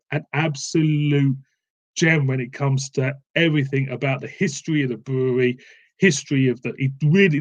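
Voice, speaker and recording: A man's voice: mid-range voice, highs cut off. A man with a southern English accent hosting a live beer-review stream, chatting casually and rambling with frequent repeats, calling his viewers "mate". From southern England.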